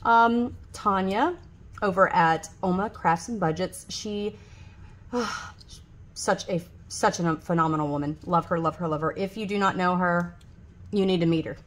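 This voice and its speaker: Here a forties-aged woman who vlogs about budgeting talks to her viewers, her voice on the low side and her pace measured. Her chat is loose and rambling, with plenty of ums and restarts, and she raves loudly about gifts.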